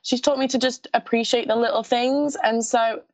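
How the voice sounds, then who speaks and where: A young woman from Scotland, a young adult with a mild lisp, chats giggly and casually as a pageant contestant in an interview, often starting sentences over. Her voice is on the high side, steady, and at normal speed, with no room sound.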